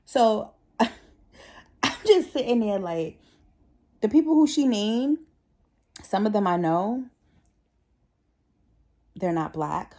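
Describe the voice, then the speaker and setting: Chatty woman vlogger with a mellow voice. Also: on the low side, fairly quick. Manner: chatty, animated quoting of coworkers. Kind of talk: casual storytelling vlog.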